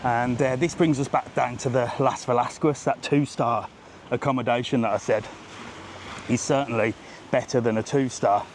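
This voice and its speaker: A man's voice: medium pitch, steady tone, moderate pace, a little hiss or hum. A middle-aged man with a jokey, ranting manner, vlogging live while walking an outdoor seafront, talking into a handheld phone and a little out of breath. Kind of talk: live walking vlog chat. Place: outdoors on a sunny seafront street. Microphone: phone held while walking.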